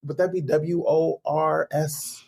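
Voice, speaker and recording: Chatty male author guest, slightly raised pitch, casual thinking-aloud delivery. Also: level tone, slow, gravelly, a little mellow. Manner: talks things through, leans on "like" and "right?". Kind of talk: casual chat.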